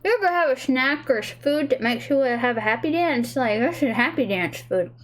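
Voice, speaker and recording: A bubbly woman chats casually on a livestream. Her voice sits a little high, she giggles easily, and she trips over words as she reads aloud. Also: expressive, brisk. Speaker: livestream host tasting snacks.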